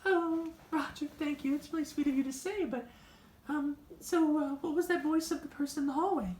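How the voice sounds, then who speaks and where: A woman playing a fussy, worried sister who talks in a dramatic, gossipy, halting way. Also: high-pitched, darkish tone, slight background noise, natural voice. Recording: echoey room.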